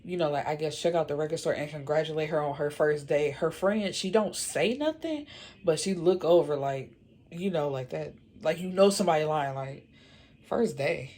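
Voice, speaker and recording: Low-voiced woman recapping a movie casually. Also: normal speed, darkish tone. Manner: chatty, slangy, frequent "you know" and "like"; opinionated, exasperated commentary. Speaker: movie reviewer.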